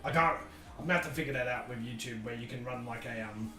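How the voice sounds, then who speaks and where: A man's voice: medium pitch, fast talker, bright, forceful tone, recorded from a distance, soft background music. A man hosting a casual livestream podcast, thinking aloud and rambling with many restarts. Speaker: streamer and podcast host. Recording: echoey room, off-mic, faint background noise.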